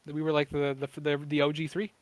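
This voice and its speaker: A podcast guest in his twenties speaks in a slightly high, monotone voice at a fairly quick pace, captured on a dry recording. His casual chat is rambling and profane, with lots of fillers.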